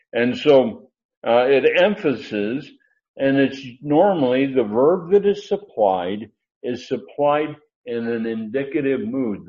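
A man's voice: medium pitch, darkish tone. A man teaching Bible grammar in a lecture, rambling with fillers and restarts, then pressing hard on his key points. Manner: digressive, with many fillers and restarts. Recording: dull, lo-fi sound.

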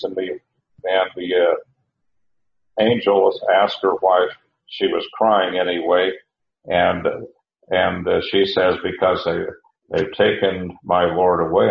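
Deep-voiced man preaching in a roomy hall. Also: highs cut off, slight background noise. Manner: halting, many fillers and restarts. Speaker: pastor. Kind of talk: expository sermon.

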